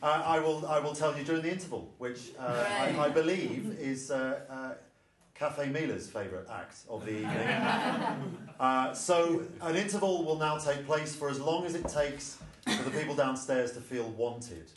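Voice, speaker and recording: A man's voice: on the high side, normal speed. A man compering a live comedy night, cracking dry jokes to the audience. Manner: dry, wry jokes to the crowd. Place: comedy club stage. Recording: distant mic in an echoey room with a loud crowd. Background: audience laughter and chatter.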